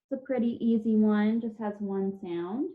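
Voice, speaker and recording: A woman's voice: mid-range voice, normal speed. Patient woman teaching spelling online. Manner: patient, step-by-step, spelling out sounds. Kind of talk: online spelling lesson for children. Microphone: video call. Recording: dull lo-fi video call audio.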